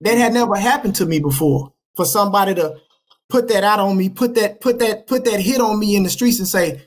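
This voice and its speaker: A man's voice: sits high, a little fast. A middle-aged man from Dallas, Texas, a podcast guest telling his life story in slangy, casual street talk, often restarting his sentences.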